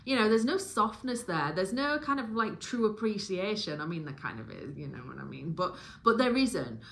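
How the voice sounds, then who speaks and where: A woman's voice: mid-range voice, expressive, normal speed, gravelly, fairly bright tone, a little hiss or hum. A middle-aged woman with a Yorkshire accent, musing through a solo book talk with many restarts and fillers. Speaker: book reviewer.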